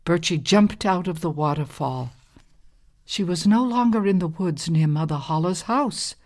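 A woman tells a folktale aloud in a measured, expressive storybook style. Her voice sits on the low side for a woman. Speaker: narrator. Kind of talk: storybook narration.

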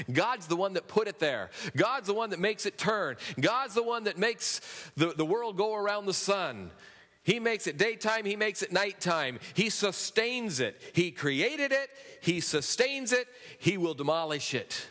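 A man's voice: sits high, animated, measured pace, a bit bright. A man preaching a sermon to his congregation, building to emphatic peaks and turning to them with asides. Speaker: pastor. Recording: long reverb of a large hall.

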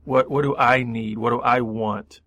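A man's voice: mid-range voice, steady tone, normal speed, bright, forceful tone, no echo. A man co-hosting a faith-based recovery radio talk show, thoughtful, building on his partner's points. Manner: thoughtful, builds on the other's point with many "I mean"s. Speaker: radio co-host.

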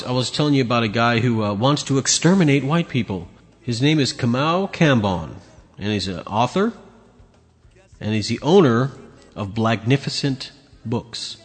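A man's voice: mid-range voice, husky, in a large hall. A man hosting his own podcast, ranting bluntly and sarcastically with lots of swearing. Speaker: podcast host. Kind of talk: opinionated solo rant.

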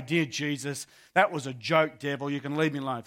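Bright-voiced storytelling male pastor. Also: on the high side, a little fast. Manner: vivid storytelling, addresses congregation as friends; emphatic preaching, repeats key phrases. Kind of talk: sermon.

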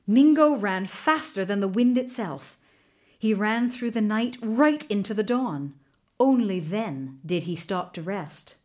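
A woman telling a folktale aloud in a measured, expressive way. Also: mid-range voice. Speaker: storyteller.

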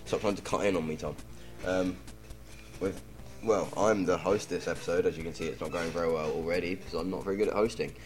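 A young man from England hosts a casual podcast with a very low voice. He rambles, pokes fun at himself and fills gaps with ums, over faint music. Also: steady tone, fast. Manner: rambling, self-deprecating, full of ums. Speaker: podcast host.

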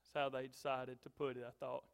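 A middle-aged man preaching a sermon as pastor, driving his points home with repeated phrases, swinging between loud stresses and quiet asides. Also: mid-range voice, completely flat delivery, a little fast, vocal fry, clean tone.

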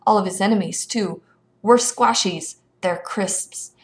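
A woman voicing a cheeky thirteen-year-old shepherd boy from a storybook, full of gleeful wordplay and sly mock-innocence. He twists every question into a riddle and clearly enjoys it. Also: medium pitch, unhurried, natural voice. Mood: teasing.

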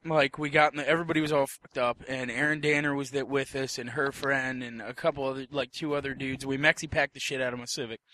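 A man on a casual podcast telling a profane drinking story, shouting out the quoted lines. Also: mid-range voice, fairly even intonation, fast, hardly any pauses. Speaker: podcast co-host.

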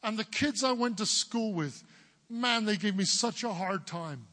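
A man in his forties from England with a big booming voice, preaching an earnest sermon as pastor. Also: expressive, unhurried, sharp tone, long reverb tail. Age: 40s. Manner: earnest, building to emphatic declarations.

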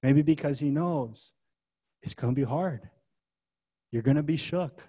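A man's voice: fairly high pitch, measured pace, warm tone, breathy edge. A man preaching a sermon as pastor, in a casual, conversational way full of rhetorical questions. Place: church gathering.

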